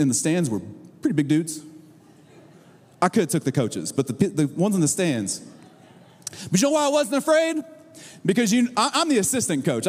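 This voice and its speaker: A middle-aged man preaching a sermon, telling stories with a lively, animated delivery that swings from booming highs to low, drawn-out lines. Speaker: pastor. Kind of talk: sermon with storytelling. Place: church auditorium. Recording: long reverb of a large hall.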